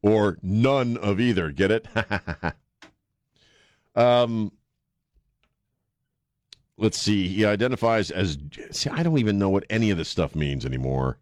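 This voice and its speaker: A sarcastic male talk radio host with a lowish voice and a wry, mocking delivery. He sounds dry and close to the studio mic, with no room sound, riffing loosely between jokes and comments. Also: animated, unhurried, pauses often, dry recording. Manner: sarcastic, mocking, joking asides. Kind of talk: casual talk radio monologue.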